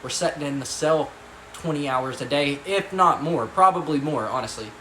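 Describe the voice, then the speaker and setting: A man's voice: a little high, normal speed, a bit bright, a little hiss or hum. A young man telling a story casually, with lots of swearing and rambling asides. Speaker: vlogger. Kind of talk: storytime vlog. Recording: echoey room, faint ambience.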